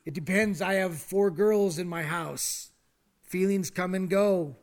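A male pastor preaching a sermon, dropping to hushed whispers and then rising to loud, emphatic declarations, and asking the congregation to say lines with him. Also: sits high, measured pace. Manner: invites the congregation to speak along.

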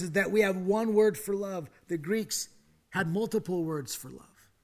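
A male pastor with a voice on the high side preaches a sermon, dropping to hushed whispers before rising to loud, emphatic declarations. He invites the congregation to say lines along with him.

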